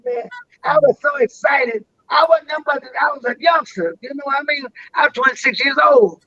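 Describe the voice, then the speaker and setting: A man's voice: very high voice, big pitch swings, a little fast, bright, forceful tone, muffled recording. An older man telling long stories as a guest on a live interview, rambling and restarting his words.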